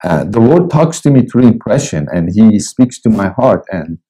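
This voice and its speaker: A male pastor reading and preaching a devotional in a slow, deliberate way with long pauses. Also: on the low side, very animated, dark tone, husky, poor audio. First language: Persian.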